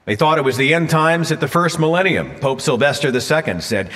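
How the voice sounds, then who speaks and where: A man's voice: fairly high pitch, lively intonation, fairly quick, hardly any pauses, fairly bright tone. Dramatic Oklahoma man in a reverberant hall. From Oklahoma, USA. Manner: dramatic, emphatic, repeats phrases for effect. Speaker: guest speaker. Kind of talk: live public talk. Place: lecture hall.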